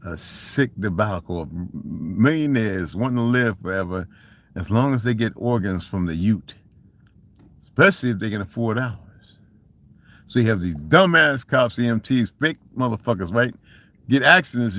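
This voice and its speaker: A man's voice: mid-range voice, animated, moderate pace, fairly bright tone. A man with a Southern US accent ranting casually and profanely on a livestream, emphatic and laughing often. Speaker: livestream host. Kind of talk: casual rant.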